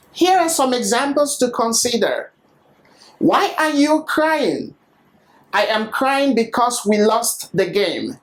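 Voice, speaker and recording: A woman delivers a scripted grammar lesson in a fairly high voice. She speaks slowly and deliberately, and her pitch rises and falls a lot as she reads out example sentences. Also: rough recording. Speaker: English teacher.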